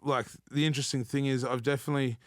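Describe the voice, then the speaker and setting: A man's voice: medium pitch, flat delivery, fast talker, no echo, clean studio sound. A man from Australia with an Australian accent, a rapper talking as a guest on a podcast, swearing freely and often tagging "you know what I mean". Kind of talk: casual podcast chat.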